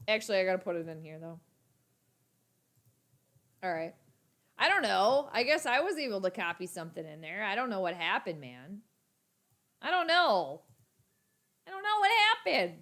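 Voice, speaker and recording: A woman hosting a casual sports livestream, talking chattily to her viewers in an animated way. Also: medium pitch, moderate pace, pauses often. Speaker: sports channel host.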